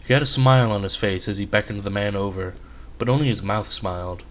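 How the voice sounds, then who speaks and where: A man reading aloud his own short story, in a relaxed, conversational storytelling manner. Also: lowish voice, a little fast.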